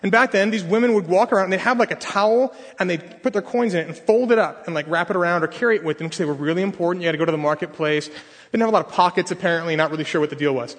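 Husky high-voiced man preaching in a hall. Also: racing, fairly bright tone. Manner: casual, asks the audience questions. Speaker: pastor. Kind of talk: conversational sermon. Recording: long hall reverb.

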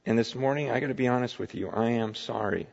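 A man pastor preaching a sermon with impassioned swings between loud pleading and hushed confession. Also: medium pitch, quick pace, gravelly, long reverb tail, dull audio.

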